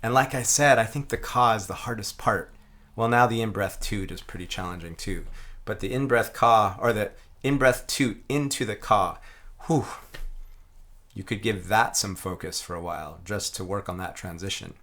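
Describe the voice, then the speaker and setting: A man teaching a didgeridoo rhythm, calmly explaining and chanting the rhythm syllables aloud. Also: fairly low pitch, moderate pace. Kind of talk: explaining a playing technique.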